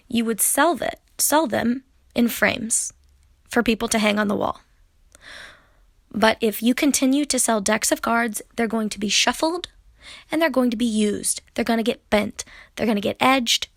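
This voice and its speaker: Indignant woman ranting to camera, gravelly voice. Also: a little high, normal speed, dry recording, clean studio sound. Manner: exasperated, indignant, direct address. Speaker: tarot YouTuber. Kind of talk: ranting vlog commentary.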